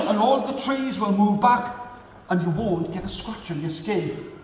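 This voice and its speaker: A male storyteller telling a folk tale to children, animated and coaxing them to join in with actions. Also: high-pitched, unhurried. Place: school hall. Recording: echoey hall, faint room noise.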